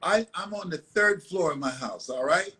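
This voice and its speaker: A man's voice: a little high, expressive, moderate pace, pushed and bright, rough recording. An older man from the United States, a motivational speaker telling stories in a live online interview, emphatic and repetitive. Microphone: live video call.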